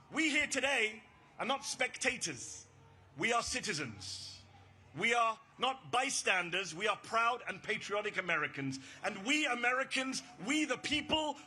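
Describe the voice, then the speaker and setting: A man giving an impassioned, rousing protest speech at an outdoor rally, shouting slogans and leading call-and-response. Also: extremely high pitch, a little hiss or hum. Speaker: rally speaker.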